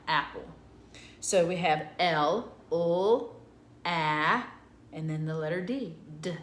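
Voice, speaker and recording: A woman teacher sounding out letters slowly and patiently for young children in an early reading lesson. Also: on the low side, echoey room, a little hiss or hum.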